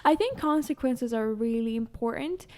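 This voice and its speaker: A woman's voice: a little high, expressive, normal speed, a little mellow. A woman co-hosting a podcast, chatting casually and sharing anecdotes. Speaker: podcast co-host. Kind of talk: casual chat.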